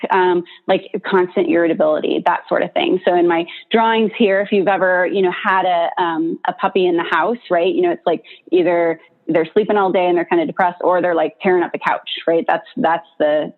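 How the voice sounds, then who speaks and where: A woman therapist explaining a topic in a casual, chatty way, full of "like" and "right?" as she checks in with listeners. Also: medium pitch. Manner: casual and chatty, many fillers and tag questions. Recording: tinny phone-like audio.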